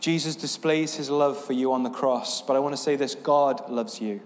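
A man's voice: mid-range voice, fairly even intonation, moderate pace. Earnest male pastor preaching in a hall. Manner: earnest, repetitive preaching cadence with restarts. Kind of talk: sermon. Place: church sanctuary.

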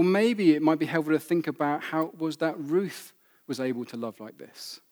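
A man's voice: fairly high pitch, darkish tone. A man in his thirties preaching a sermon, telling a family story in an earnest, intimate way. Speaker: pastor.

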